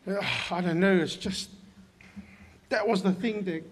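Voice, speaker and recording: New guy giving a eulogy in church, kinda high voice, pauses a lot, emotional. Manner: halting, heartfelt storytelling with many pauses and fillers. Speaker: eulogy speaker at a funeral service. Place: church service hall.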